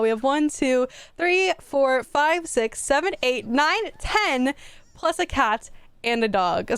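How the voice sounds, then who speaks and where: A young woman gaming YouTuber comments casually on her gameplay, chatting emotionally and directly to her viewers while tearful and close to crying. Her voice is fairly high, clear and resonant, and the recording is dry.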